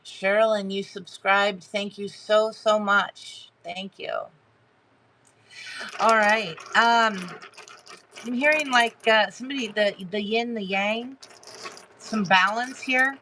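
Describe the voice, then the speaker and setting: A woman giving a live tarot reading to her chat, talking haltingly with many fillers and restarts and greeting viewers by name. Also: mid-range voice, sharp tone, a little hiss or hum. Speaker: tarot reader hosting a live stream.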